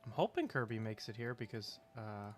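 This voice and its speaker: A young man chatting casually on a game stream, rambling with fillers, clearing his throat and hiccuping now and then. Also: fairly low pitch, sing-song, moderate pace. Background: faint music.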